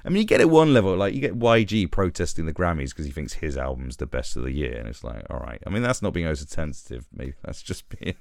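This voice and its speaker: A man's voice: a bass voice, very animated, fast talker, creaky, hardly any pauses, dry recording. A British man hosting a live stream, ranting sarcastically and mocking in casual commentary.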